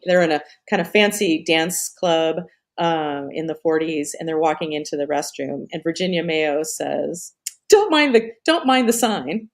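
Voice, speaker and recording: A middle-aged woman hosting a live stream in casual chat, rambling off on tangents, swearing and laughing often. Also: lowish voice.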